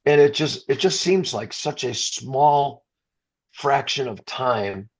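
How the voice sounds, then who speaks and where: Man, middle-aged, from the Chicago area, husky voice, mid pitch, emotional storytelling, many restarts. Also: animated, slow pace. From Chicago area, USA. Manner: emotional, repeats and restarts, gets choked up. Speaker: rock band singer, interview guest. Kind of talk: conversational interview storytelling.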